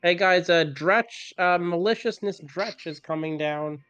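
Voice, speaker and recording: A man voicing a hurried party member warning the others in a tabletop game. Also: high voice, fairly bright tone, voice pushed up. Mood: urgent.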